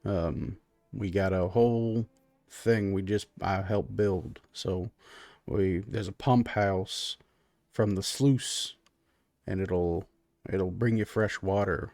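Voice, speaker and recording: A man voicing a meek, browbeaten male furbolg father who mumbles low and hesitantly. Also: steady tone, takes it slowly, a little mellow, no echo, soft background music.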